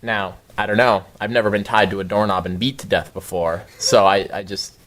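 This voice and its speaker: A man telling a long story as a podcast guest, rambling and swearing freely and shouting the outbursts he quotes. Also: lowish voice, fairly even intonation, brisk. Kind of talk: casual storytelling chat.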